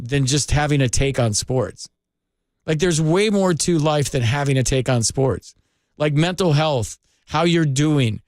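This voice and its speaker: A man's voice: fairly high pitch, no echo. A man hosting a late-night sports call-in radio show, talking in an earnest, rambling, heartfelt way from a studio microphone.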